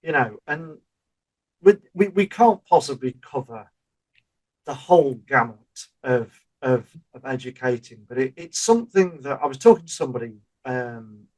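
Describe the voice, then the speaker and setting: A man's voice: medium pitch, expressive, normal speed, darkish tone, low-quality recording. A man co-hosting a podcast. He talks in an easy, chatty way and explains ideas through everyday examples. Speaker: podcast co-host. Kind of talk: casual chat.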